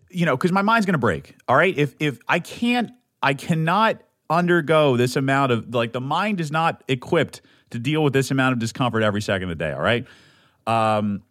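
A young man in a solo podcast teaser, talking in a manic, rambling rush full of swearing. His voice sits at a middling pitch and is recorded close and dry, with no room sound. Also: no echo. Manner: manic, rambling, swearing, bursts of shouting and laughter. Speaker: podcast host.

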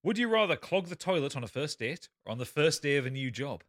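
A man's voice: on the high side, sing-song, fast talker, a bit bright, no room sound, studio quality. A man, hosting a podcast game and teasing the others with wry quips. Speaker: podcast host reading questions. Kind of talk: casual banter.

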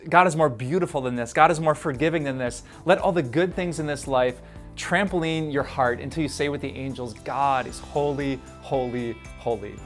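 A man preaching a devotional sermon in a conversational, playful way, stacking emphatic lists and breaking into laughs. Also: a little high. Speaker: pastor.

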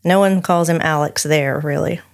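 A drawling woman tells a researched true-crime case on her podcast, her slightly low voice carrying some vocal fry at a moderate pace. She reads her notes steadily like a storyteller but breaks off for chatty, friendly asides with her co-host.

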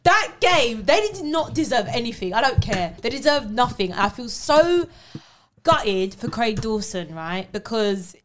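A woman's voice: on the high side, measured pace, a little hiss or hum. A young woman, talking football bluntly and with sass as a podcast co-host. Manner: blunt, sassy and animated. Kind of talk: casual football chat.

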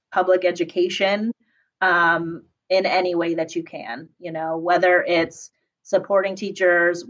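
A young woman teacher from Southern California talks through interview questions in a loose, chatty way, full of fillers and quick laughs. Her voice sits a little low. The recording is dull and lo-fi. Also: fairly bright tone. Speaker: public school teacher, podcast guest. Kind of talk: casual interview answers.

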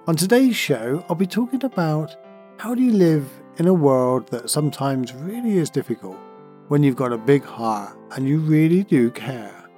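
A man's voice: medium pitch, a little mellow. A middle-aged man hosts a reflective podcast monologue, talking in an earnest, heartfelt, musing way. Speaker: podcast host.

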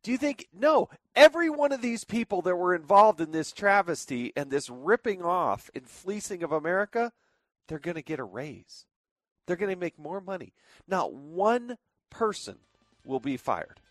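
Male radio host, fill-in, indignant and emphatic, fairly high voice, dry studio sound, faint music behind. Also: sing-song, moderate pace, a bit bright, no room sound. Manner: indignant, emphatic, rhetorical questions. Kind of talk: talk radio commentary.

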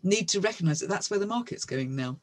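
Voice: mid-range voice, animated, quick pace. A marketer in their fifties in casual chat, explaining with confident advice. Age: 50s. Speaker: marketing guest.

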